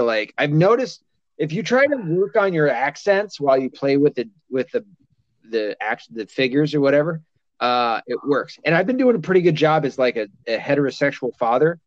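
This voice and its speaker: A man's voice: mid-range voice, no echo, muffled recording. A man in his thirties hosting a podcast in a casual chat, swearing freely and laughing often. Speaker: podcast host.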